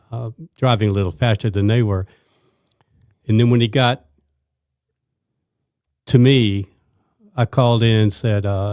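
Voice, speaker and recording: An older man, a retired police officer, recounting a police chase in a steady, matter-of-fact way. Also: lowish voice, no room sound, clean studio sound. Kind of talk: casual storytelling.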